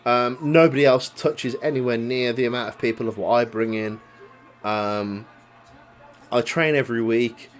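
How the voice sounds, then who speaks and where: A man's voice: mid-range voice, steady tone, moderate pace. A young man tells a story in casual chat, swearing a lot and laughing along as he goes. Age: young adult. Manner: swears a lot, recounts a grudge; laughs while telling the story.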